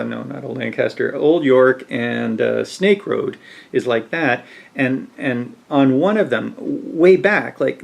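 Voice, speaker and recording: A man's voice: mid-range voice, vocal fry. A man telling a rambling personal anecdote, with many fillers and chuckles. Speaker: storyteller. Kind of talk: casual anecdote.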